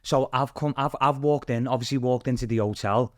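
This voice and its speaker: A man's voice: medium pitch, fairly quick, no room sound, studio quality. A man with a Scouse accent, a podcast guest chatting casually and rambling through stories, full of "like" and "obviously". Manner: rambling storyteller, leans on "like" and "obviously". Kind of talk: casual chat.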